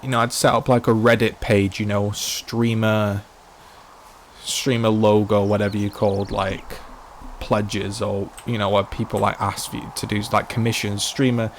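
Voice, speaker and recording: A young man talks through a live game stream in a rambling, unscripted way, stopping and restarting his sentences. His voice sits on the low side, and a faint hiss runs underneath. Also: little pitch movement, moderate pace. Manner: rambling, repeats and restarts himself, many "like" fillers. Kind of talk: casual live-stream chat while playing.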